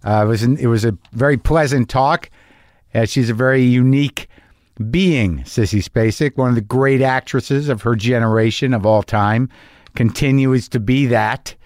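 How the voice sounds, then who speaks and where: A man's voice: mid-range voice, normal speed, a little mellow, no room sound, studio quality. A middle-aged man hosting his podcast in a rambling, profane, self-deprecating monologue, with a slight lisp. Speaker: podcast host. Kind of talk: casual monologue.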